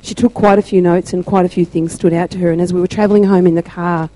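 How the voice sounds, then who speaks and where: A woman sharing a church testimony, telling her story slowly and deliberately with emphatic pauses. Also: lowish voice, fairly even intonation, warm tone, low-quality recording.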